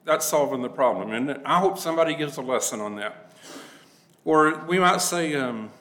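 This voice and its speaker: A man's voice: a little high, expressive, normal speed, fairly bright tone, poor audio. A man teaching a conversational Bible class to a congregation, plain-spoken and acting out the people he quotes.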